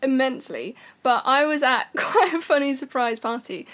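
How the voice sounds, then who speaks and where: A woman's voice: high voice, animated, normal speed, a bit bright. A young woman co-hosting a podcast, chatting casually and teasing her friend with frequent laughter. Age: young adult. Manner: giggly, teasing. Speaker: podcast co-host. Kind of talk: casual chat.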